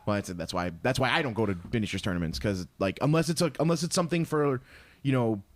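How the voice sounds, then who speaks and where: Guy on a gaming podcast, really animated voice, swears a ton, dry close sound. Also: mid-range voice, fast talker, no room sound. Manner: profane, laughing, jokey. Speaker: podcast co-host. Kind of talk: casual chat. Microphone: studio microphone.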